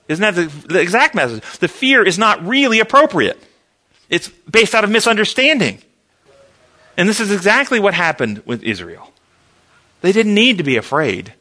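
Speaking briskly in a voice that sits high, a man leads a lively Bible study. He keeps asking the class questions, then supplies the answers on his own.

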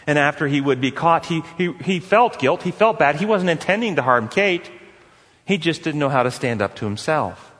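A man teaching a forgiveness course in an earnest, repetitive way, putting questions to his listeners. His voice sits somewhat high for a man. A long reverb from a large hall trails after his words. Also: lively intonation, moderate pace, fairly bright tone. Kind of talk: teaching talk with stories.

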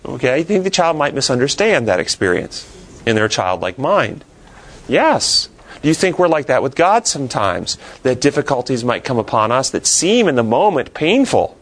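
A man's voice: mid-range voice, sing-song, normal speed. A man teaching a classroom Bible lesson, asking the class questions and then answering them himself.

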